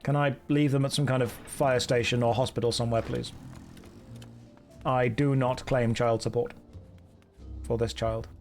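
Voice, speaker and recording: A young man giving casual live commentary on a game he is streaming, with dry, sarcastic running jokes, talking from a warm indoor room. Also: mid-range voice, little pitch movement, moderate pace, pauses often, faint music behind.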